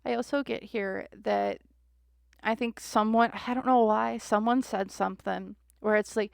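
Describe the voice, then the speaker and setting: Woman, young, casual tarot reading, expressive, dry recording. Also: mid-range voice, normal speed, creaky, clean tone, no echo. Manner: expressive, acts out imagined quotes, swears casually. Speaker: tarot reader.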